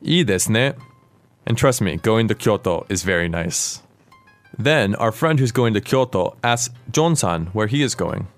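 A man hosting a podcast language lesson, explaining words clearly and asking his co-host questions. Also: on the low side, lively intonation, moderate pace, faint music behind.

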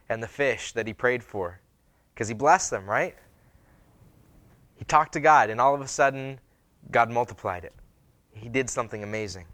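A man preaching a sermon, reading scripture aloud and then retelling it in lively, casual words with many fillers. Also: mid-range voice, dry recording. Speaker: pastor.

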